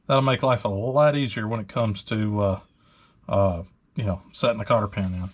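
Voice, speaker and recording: A man's voice: fairly low pitch, moderate pace. Chatty man wrenching in a garage. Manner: relaxed, chatty, talking while wrenching with many fillers. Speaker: host of a truck repair channel. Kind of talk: casual workshop talk-through.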